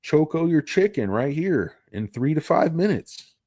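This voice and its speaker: A man's voice: on the high side, sing-song, unhurried, mellow, no room sound, clean studio sound. A man giving casual, rambling stock commentary, jokey and self-deprecating. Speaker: stock market vlogger.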